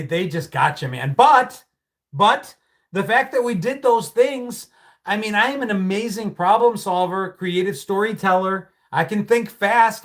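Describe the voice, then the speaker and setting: Middle-aged man, livestream host, relaxed storyteller, a touch high-voiced, swears freely. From United States. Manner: storytelling, reads out viewer comments, swears casually. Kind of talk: casual livestream chat.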